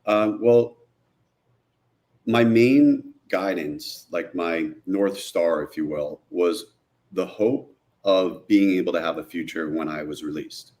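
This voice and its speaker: Low-voiced man telling his life story. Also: takes it slowly. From New Jersey. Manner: animated retelling, acting out quoted voices. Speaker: guest, author and film director. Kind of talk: candid storytelling interview.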